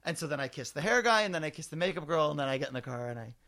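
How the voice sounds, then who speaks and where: A man co-hosting a podcast, telling animated anecdotes in casual chat, full of fillers. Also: fairly high pitch, very fast. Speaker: podcast co-host.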